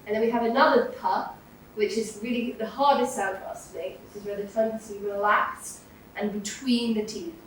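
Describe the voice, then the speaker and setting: A woman's voice: mid-range voice, steady tone, moderate pace, few pauses, recorded from a distance, a little hiss or hum. A woman with a British accent leading a group class in Sanskrit pronunciation. She demonstrates each sound for the group to repeat. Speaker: Sanskrit teacher. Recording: echoey room, voice from off-mic.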